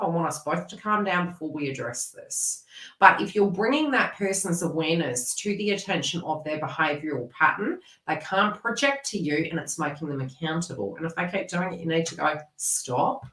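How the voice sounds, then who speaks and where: A middle-aged woman talks a viewer through a psychic reading in a casual, blunt way, laughing often and swearing lightly. Her voice is bright and sharp and sits a little low. She is far from the mic in an echoey room. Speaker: psychic reader.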